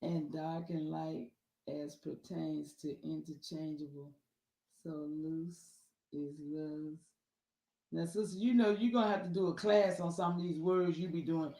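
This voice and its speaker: A woman's voice: deep voice, steady tone, measured pace, warm tone. Folksy preachy woman, echoey room. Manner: preachy, folksy, repeats herself for emphasis. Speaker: speaker at an online symposium. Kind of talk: casual heartfelt address to listeners.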